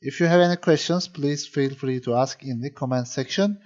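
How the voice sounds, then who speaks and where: A man's voice: mid-range voice, moderate pace, darkish tone, lo-fi sound. Patient male grammar teacher. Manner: patient, repeats points, many fillers. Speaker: Turkish language teacher. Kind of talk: explaining grammar to viewers.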